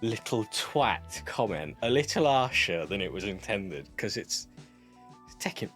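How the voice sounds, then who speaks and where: Sarcastic British man, lively pitch. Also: a little slow, soft background music. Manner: sarcastic, wanders off on tangents. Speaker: commentary host. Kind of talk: reaction commentary.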